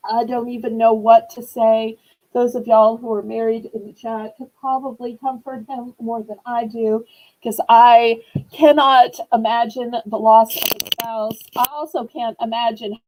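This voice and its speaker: A woman from New Orleans runs a live-stream auction, chatting to her viewers in a sympathetic, talkative way. Her voice sits a little high and has a mellow, darker tone. She takes her time, speaking at a very slow, unhurried pace. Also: little pitch movement, low-quality recording. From New Orleans, USA.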